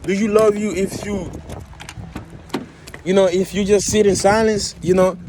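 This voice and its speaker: A man in a somewhat higher register rants straight into his phone camera, rambling, repeating himself and firing rhetorical questions at his viewers. Café chatter and passing traffic come through loudly behind him. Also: fairly even intonation, unhurried. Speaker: vlogger and musician. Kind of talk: casual rant to camera. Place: coffee shop.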